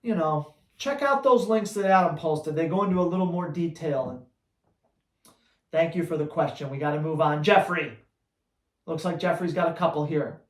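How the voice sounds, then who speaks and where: A man who trains dogs, answering viewer questions on a live Q&A in a blunt, energetic, slangy way. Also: a little high, moderate pace, roomy sound. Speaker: dog trainer.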